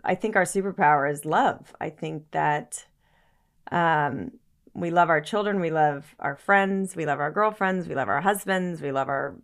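A woman's voice: deep voice, measured pace. A woman as a podcast guest, talking earnestly in casual conversation, often searching for words and swearing casually.

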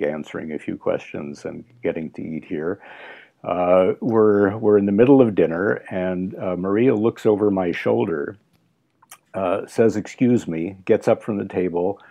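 A low-voiced older man with a gravelly edge tells old stories in an unhurried, halting way. His tone is dark and mellow, and he often stops to find the next word. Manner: halting, many fillers and restarts. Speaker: guest, food science author. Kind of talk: reminiscing in casual conversation.

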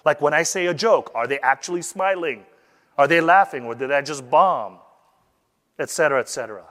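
A man teaching how to deliver a sermon, lively and acting out the voices he quotes. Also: on the high side, a little fast, big-room sound. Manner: animated, acts out quoted voices. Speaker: preaching instructor.

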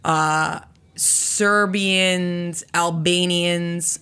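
Animated woman telling stories. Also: low voice, moderate pace. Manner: animated, acts out quotes. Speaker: podcast guest. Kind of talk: casual storytelling chat.

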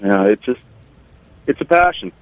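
A brewer calling in by phone, chatting casually and telling relaxed stories about his brewery. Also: lowish voice, normal speed, dry recording. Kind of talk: casual radio chat. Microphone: phone line. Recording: tinny phone line.

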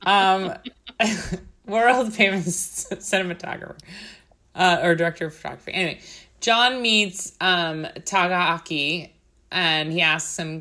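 Bright-voiced, chatty woman podcaster. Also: lowish voice, moderate pace. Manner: chatty, swearing, laughs often, mimics movie lines. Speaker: podcast co-host. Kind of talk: casual chat.

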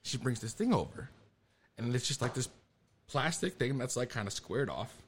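A man hosting a casual podcast, telling a story in an animated way and swearing freely. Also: mid-range voice, normal speed, a little hiss or hum. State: laughing through a coughing strain. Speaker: podcast host.

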